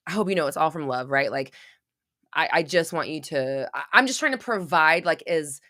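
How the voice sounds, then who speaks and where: A woman's voice: sits low, animated, normal speed, sharp tone. A woman hosting a livestream who answers chat questions, talking bluntly with swearing, restarts and rambling asides. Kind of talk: casual livestream advice talk.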